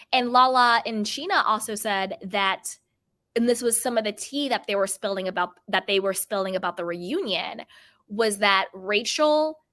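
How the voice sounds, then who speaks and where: A woman talks straight to her viewers about reality TV drama in a chatty, emphatic way. She often repeats a phrase to hammer a point home. Her voice is bright and forward. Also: mid-range voice. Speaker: host of a pop culture channel. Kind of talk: reality TV gossip commentary.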